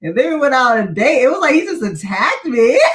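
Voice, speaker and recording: Animated, laughing woman host. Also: high voice, moderate pace. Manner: chatty, laughs often. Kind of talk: casual chat on a live stream.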